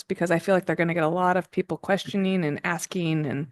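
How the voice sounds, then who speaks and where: A woman with a fairly low voice talks through her concerns at a commission meeting, in a conversational, thinking-aloud manner. Her voice sounds dry. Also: steady tone, fast talker, no room sound.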